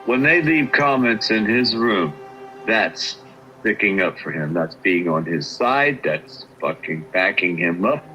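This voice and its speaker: A man's voice: on the low side, lively intonation, a little slow, bright, forceful tone, highs cut off, soft background music. An angry man talking bluntly on a livestream, swearing at someone he despises. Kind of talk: heated livestream talk.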